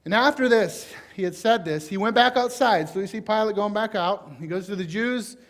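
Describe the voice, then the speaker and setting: A man with a high-pitched voice preaches in a Southern US accent. He speaks in a folksy, informal way, full of fillers like "you know" and "kinda". He leans on certain words with sudden emphasis. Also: moderate pace, a bit bright. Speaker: pastor. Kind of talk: conversational sermon.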